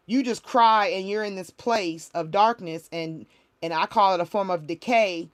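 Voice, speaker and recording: Woman sharing a heartfelt spiritual testimony. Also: on the low side. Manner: emotional, repetitive, heartfelt storytelling with many restarts. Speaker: spiritual reader, livestream host. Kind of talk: casual livestream testimony.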